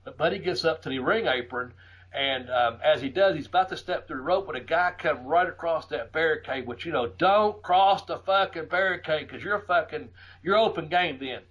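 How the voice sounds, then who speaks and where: A middle-aged man, a podcast host casually telling profane, animated stories and laughing often. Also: fairly high pitch, moderate pace, slightly rough, low-quality recording. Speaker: podcast host and former wrestler. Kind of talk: casual storytelling.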